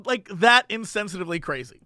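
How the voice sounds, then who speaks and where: A man's voice: high-pitched, expressive, fast, bright, forceful tone, no room sound, clean studio sound. A man co-hosting a podcast, animatedly telling a funny anecdote, acting out voices and laughing as he goes. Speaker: podcast co-host. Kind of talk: casual storytelling chat.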